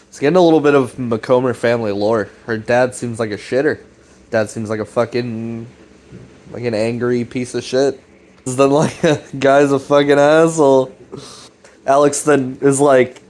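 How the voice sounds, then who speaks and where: A man's voice: mid-range voice, steady tone, moderate pace, darkish tone. A man casually rambling through a recap of a web series, with lots of fillers, restarts and swearing.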